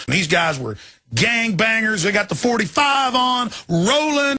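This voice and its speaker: A man hosting a talk show, ranting erratically and suddenly exploding into shouts, speaking from a studio full of electronics. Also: high voice, very animated, normal speed, vocal fry, slightly rough.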